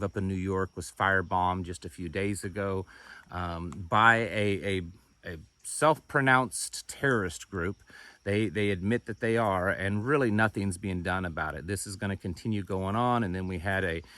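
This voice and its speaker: Dry-sounding bright-voiced male commentator. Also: on the low side, no echo. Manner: conversational, repeats words and restarts, skeptical asides. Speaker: homesteading channel host. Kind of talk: casual news commentary.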